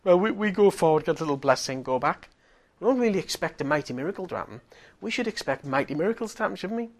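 A middle-aged man preaching, telling a healing story with animated swings from hushed tones to loud exclaiming. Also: fairly high pitch, quick pace. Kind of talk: storytelling sermon.

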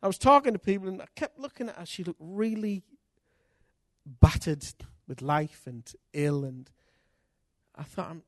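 A man preaches, telling personal stories in an animated, candid way and poking fun at himself. His voice sits high for a man. The recording is dry and close. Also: normal speed, no echo. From Britain. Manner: animated, candid, self-mocking humor. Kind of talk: sermon with personal storytelling.

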